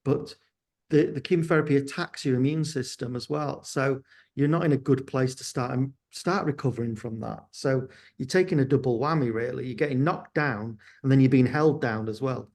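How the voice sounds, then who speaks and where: A man's voice: medium pitch, moderate pace, darkish tone. A sounding man answering interview questions, hesitant and candid, often restarting his sentences. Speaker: guest, company founder.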